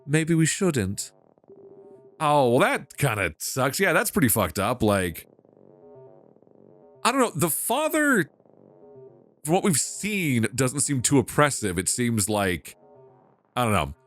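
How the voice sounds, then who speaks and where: A man giving casual, excitable gameplay commentary, swearing and laughing as he plays. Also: mid-range voice, unhurried, long pauses, faint music behind. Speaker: let's play host.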